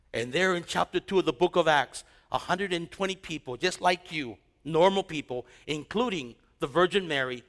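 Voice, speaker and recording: Middle-aged male pastor, higher-pitched, animated storyteller who drops into hushed tones. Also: long reverb tail. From East Los Angeles. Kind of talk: sermon.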